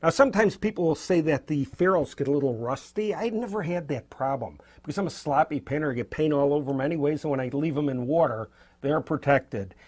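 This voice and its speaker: Male art instructor, slightly higher pitch, husky tone; relaxed, encouraging demo delivery. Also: fairly quick. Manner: encouraging, loose and spontaneous, fires things in. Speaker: painting instructor. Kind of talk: casual painting demonstration.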